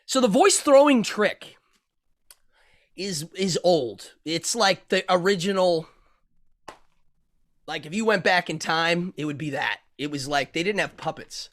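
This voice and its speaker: A man guesting as a magician and ventriloquist, telling stories in an animated way and laughing often. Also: high-pitched, measured pace, long pauses. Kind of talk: casual interview chat.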